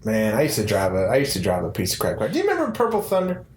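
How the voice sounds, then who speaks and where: A man's voice: fairly low pitch, racing, a little hiss or hum. A man co-hosting a podcast, telling rambling stories in casual chat. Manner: rambling animated storyteller. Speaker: podcast co-host. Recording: roomy echo.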